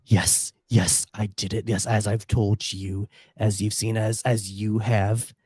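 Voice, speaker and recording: A man voicing a defiant villain who confesses and taunts, speaking slowly and with contempt. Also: lowish voice, little pitch movement, warm tone, slightly rough, no room sound. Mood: scornful.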